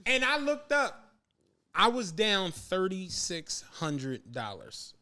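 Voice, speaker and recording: Man, high bright voice, lively pitch, animated storytelling, laughs a lot, profane. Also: takes it slowly. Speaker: podcast guest telling a story. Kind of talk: casual storytelling among friends.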